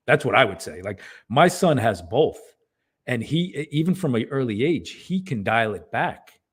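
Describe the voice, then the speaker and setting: A man co-hosting a podcast talks in an earnest, emphatic way. His voice sits a little low, and he keeps tossing in "right?" to check that the listener is with him. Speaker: podcast co-host. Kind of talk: casual podcast chat.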